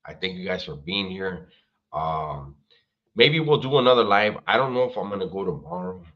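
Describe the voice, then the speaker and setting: A man's voice: low-pitched, expressive, moderate pace, lo-fi sound. A man hosting a livestream, chatting casually and straight to his viewers, full of slang and swearing. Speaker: livestream host.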